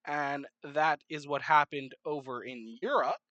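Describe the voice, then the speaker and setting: A young adult talks through a map timelapse in casual commentary, rambling and correcting themselves as they go. The pitch sits in an ordinary middle range. The recording is dry and close, with no room sound. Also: a little slow, sharp tone, no echo, lo-fi sound. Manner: rambling, many fillers and self-corrections, joking asides. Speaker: narrator of a map timelapse series.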